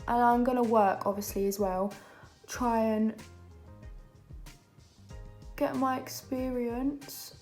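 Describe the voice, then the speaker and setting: A woman's voice: fairly high pitch, roomy sound. A young woman, chatting casually and rambling with lots of fillers while doing her makeup at home. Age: young adult. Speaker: beauty vlogger. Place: home during lockdown.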